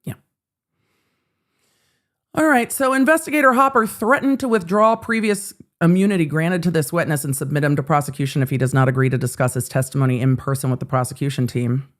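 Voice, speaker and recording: A middle-aged woman hosting a casual livestream of legal commentary. She chats with her viewers, swears freely and breaks into animated asides. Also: deep voice, fairly quick. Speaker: host.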